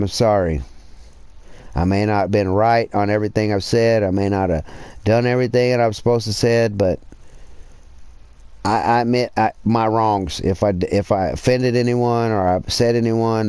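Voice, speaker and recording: A man on a livestream, ranting profanely and rambling, his voice swelling loud when he presses a point. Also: fairly low pitch, clean tone, no room sound. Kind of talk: casual livestream rant.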